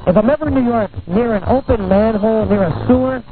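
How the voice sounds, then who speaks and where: A male talk radio host in his studio, brash and teasing as he rambles on. His voice sits high. The sound is thin and narrow, like a broadcast heard over a phone line. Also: quick pace. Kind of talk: irreverent radio banter.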